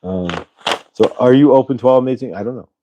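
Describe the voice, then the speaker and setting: A man's voice: mid-range voice, fast talker, dull audio, background noise. A man hosting a casual spiritual livestream, talking loosely and reading out viewers' chat messages. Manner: relaxed, rambling, reads chat aloud. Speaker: host.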